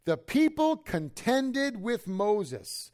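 A pastor preaching an expository sermon to his congregation in church, talking conversationally and swinging between loud, emphatic lines and hushed asides. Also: high voice, big pitch swings, extremely slow. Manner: conversational, keeps checking in with the listeners.

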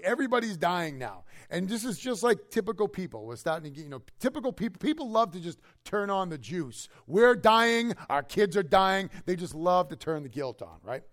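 A pastor preaching an expository sermon to his congregation in church, talking conversationally and swinging between loud, emphatic lines and hushed asides. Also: on the high side, very animated, a little fast. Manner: conversational, keeps checking in with the listeners.

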